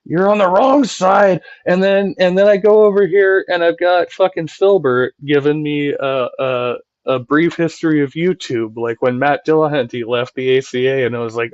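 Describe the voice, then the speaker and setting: A man's voice: on the high side, measured pace, clean tone, dry recording, lo-fi sound. A man hosting a live stream who rambles conversationally, often checking in with "right?", swearing and laughing as he reads chat. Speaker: streamer and channel host. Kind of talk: casual live-stream commentary, reading chat.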